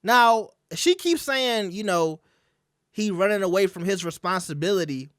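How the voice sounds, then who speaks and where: A man with a noticeably high voice gives loose, conversational commentary straight to his viewers. He keeps asking them to weigh in, and his voice is recorded close and dry with no room sound. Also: lively intonation, normal speed, a bit bright, no room sound. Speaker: commentary channel host. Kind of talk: casual commentary reading out text messages.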